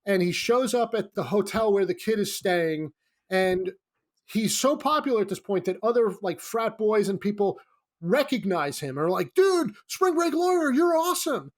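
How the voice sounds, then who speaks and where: A man voicing a gruff male film director who talks bluntly and scolds, quoted within his own story. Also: high-pitched, animated, moderate pace. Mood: pitching.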